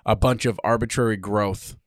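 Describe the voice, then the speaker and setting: A man from California co-hosting a casual podcast about a cartoon, animated and sweary, recording in a tiny studio. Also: on the low side, moderate pace, dry recording. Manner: animated, swears, acts out characters in quotes. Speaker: podcast co-host. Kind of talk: casual chat. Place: tiny studio on a wind farm.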